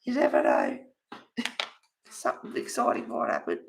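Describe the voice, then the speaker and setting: A woman's voice: a bass voice, wildly swooping pitch, normal speed, creaky, background noise. Gossipy woman over fifty. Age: 50s or older. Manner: gossipy storytelling, laughs often. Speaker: livestream host. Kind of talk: casual chat while colouring.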